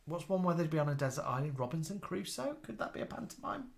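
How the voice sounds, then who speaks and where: A man's voice: on the high side, big pitch swings, fast talker, creaky. A man from the UK co-hosting a live stream, chatting casually and reading out viewers' comments. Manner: chatty, gossipy storyteller.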